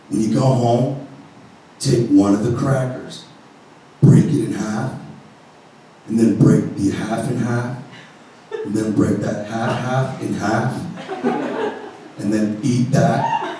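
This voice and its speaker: A man's voice: medium pitch, takes it slowly, pauses often, dark tone, slight background noise, pitched below the performer's own voice, lightly acted. A man doing a drawling stoner clerk. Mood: mellow warning. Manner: drawling, laid-back. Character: slow-talking stoner shop clerk, young man, mellow. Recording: echoey room, distant mic.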